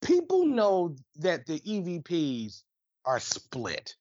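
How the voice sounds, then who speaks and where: Man, podcast co-host, lively rambling rant, restarts, dry, lo-fi. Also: fairly high pitch, slow, no room sound. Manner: animated, swearing, rambling rants with restarts. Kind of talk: casual chat.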